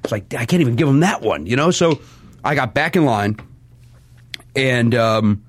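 A man, a podcast guest, telling a story in a casual, animated way, self-deprecating, with many restarts and fillers. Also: medium pitch, normal speed.

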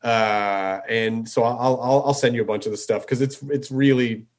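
A man's voice: mid-range voice, fairly even intonation, moderate pace. A man hosting a podcast, chatting casually and rambling with lots of filler words. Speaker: podcast host.

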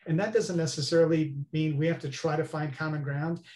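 A man's voice: fairly high pitch, fairly even intonation, brisk, darkish tone. A man speaking as an interview guest, explaining earnestly and often checking in with "right?". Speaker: guest expert. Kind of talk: interview conversation. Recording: roomy echo.

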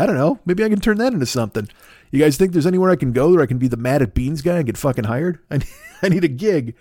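A man's voice: medium pitch, a little mellow, no room sound, clean studio sound. A man in his fifties, hosting a solo comedy podcast from his apartment in a profane, rambling, cranky rant. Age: 50s. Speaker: podcast host. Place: home apartment.

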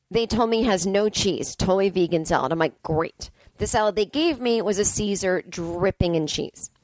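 A middle-aged woman comedian talking alone into a podcast mic, cranky and profane as she rambles. Her voice sits at an ordinary pitch for a woman. The sound is dry and close, with almost no room echo. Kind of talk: casual solo podcast monologue. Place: indoors.

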